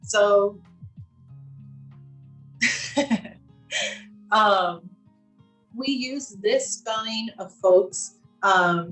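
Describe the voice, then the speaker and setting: A woman's voice: medium pitch, fairly bright tone. Chatty woman trainer on a roomy call. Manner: chatty, with many fillers and restarts. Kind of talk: casual live online training.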